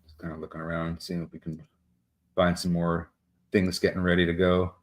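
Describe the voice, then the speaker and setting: Deep-voiced man, halting market talk. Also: little pitch movement. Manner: halting, many filler sounds. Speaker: co-host of live market show. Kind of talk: live trading commentary.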